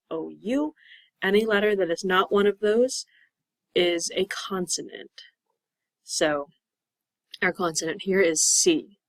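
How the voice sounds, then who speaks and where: Woman ESL teacher, patient, slow repetitions, dry close sound. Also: lowish voice, dry recording, poor audio. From Pennsylvania. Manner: patient, drawn-out repetition of words. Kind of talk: slow, clear classroom explanation.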